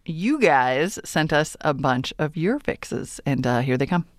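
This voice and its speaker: A woman's voice: sits low, expressive, measured pace, over music. A woman co-hosting a podcast in casual chat, enthusiastic and playful, laughing often. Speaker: co-host.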